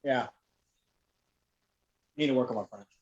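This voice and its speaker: A man as a guest on a casual live stream, relaxed and giving brief replies. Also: mid-range voice, measured pace, lo-fi sound, crowd noise.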